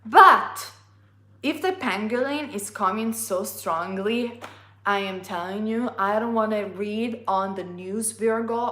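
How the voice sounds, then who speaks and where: Expressive woman, reading tarot casually; sharp bright tone, roomy echo. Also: medium pitch. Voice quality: non-native English. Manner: chatty and expressive, playful asides. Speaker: tarot reader.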